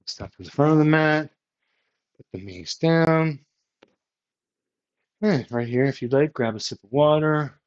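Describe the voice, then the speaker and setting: A man leading a yoga workout with calm, encouraging step-by-step cues. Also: on the high side, a little slow, long pauses, clear, resonant tone. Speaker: yoga instructor. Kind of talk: guided workout instruction. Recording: slightly muffled, lo-fi audio.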